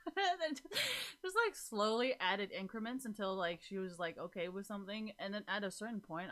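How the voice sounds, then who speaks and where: A woman's voice: mid-range voice, fairly bright tone. A young woman casually telling a story to the camera in a rambling vlog, laughing often, swearing freely and filling her talk with "like". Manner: rambling, giggly, swears a lot, lots of "like". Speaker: vlogger.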